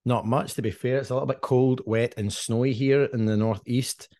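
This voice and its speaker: A man's voice: mid-range voice, steady tone, normal speed, darkish tone, dry recording. A man co-hosting a whisky podcast in casual chat, cracking jokes at his own expense. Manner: jokey, self-deprecating. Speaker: podcast co-host.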